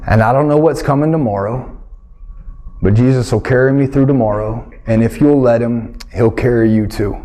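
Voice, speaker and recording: A middle-aged male comedian tells a story on stage. He talks in an animated way and acts out the scenes with big vocal swings. His pitch sits in an average male range. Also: moderate pace. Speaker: stand-up comedian. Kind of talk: stand-up storytelling.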